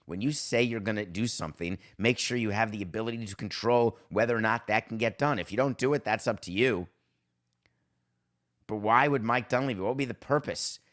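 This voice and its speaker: A sports podcast host talking in a fairly low male voice. He rants with sarcasm and heat, and his delivery stays animated and opinionated throughout. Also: brisk.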